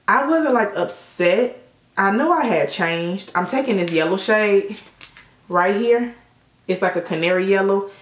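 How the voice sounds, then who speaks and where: A woman's voice: mid-range voice, lively intonation, measured pace, roomy sound. A young woman chatting casually through a makeup tutorial, telling stories with a lot of swearing. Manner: chatty storytelling with frequent swearing. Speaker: beauty vlogger. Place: indoor room at sunset.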